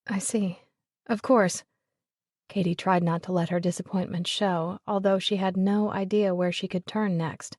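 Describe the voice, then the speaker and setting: A woman narrating a romance audiobook in an even, measured way. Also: on the low side, no room sound, clean studio sound. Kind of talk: scripted narration of a romance novel.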